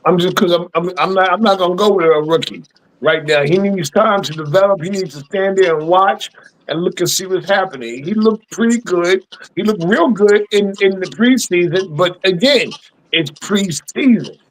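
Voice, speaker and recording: A man in a casual sports chat who argues for his team in an emphatic, excitable way. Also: sits high, normal speed, rough recording. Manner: emphatic, excitable, stubborn fan.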